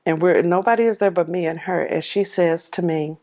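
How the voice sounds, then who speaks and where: A woman's voice: lowish voice, fairly quick, darkish tone. A woman telling her life story to the camera, heartfelt and vivid, replaying old conversations as dialogue. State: tearful at moments.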